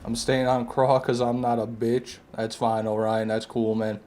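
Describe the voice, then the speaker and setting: A man's voice: mid-range voice, completely flat delivery, normal speed, warm tone. A man streaming a game live, chatting casually with viewers and answering their comments, sometimes with sarcastic jabs.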